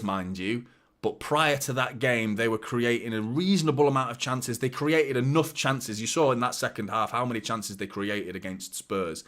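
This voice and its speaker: A man hosting a live football watchalong, chatting and joking with viewers and getting excited during attacks. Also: mid-range voice. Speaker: fan channel host. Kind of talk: live match watchalong commentary and chat.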